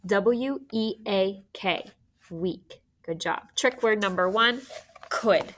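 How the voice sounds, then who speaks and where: A woman teacher giving a phonics spelling lesson, dictating words and slowly spelling out letters for young students. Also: mid-range voice, fairly bright tone, a little hiss or hum.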